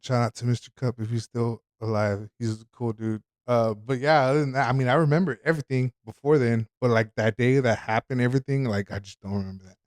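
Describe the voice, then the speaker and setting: A man from Houston chats as a podcast guest, telling a story loosely with lots of fillers, false starts and cursing. His voice sits at an ordinary middle pitch. It comes through a close studio mic with a dry, dead sound. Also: fairly even intonation, fast, few pauses, no echo. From Houston, Texas. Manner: rambling, swears freely, lots of restarts and fillers. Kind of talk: casual storytelling chat.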